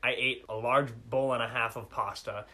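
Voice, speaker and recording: A man's voice: mid-range voice, moderate pace, low-quality recording. A young man, telling a funny story casually with friends and laughing at himself. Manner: animated, self-mocking, laughs through story.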